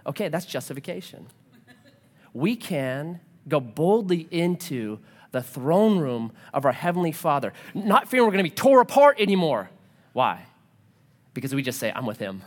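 A man's voice: a little high, normal speed, pauses often. A man preaching a sermon, telling a personal story and acting out the dialogue. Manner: animated storytelling, acts out dialogue. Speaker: pastor.

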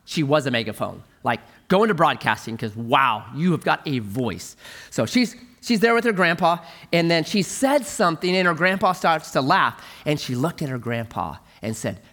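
A middle-aged male pastor preaching a sermon, telling a humorous story in an animated way. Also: on the high side, moderate pace.

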